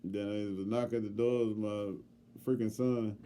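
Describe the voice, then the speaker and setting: A middle-aged man co-hosting a podcast, telling a story in casual chat with heavy profanity and lively, loud swings when he quotes himself. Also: on the low side, moderate pace, smooth. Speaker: podcast co-host.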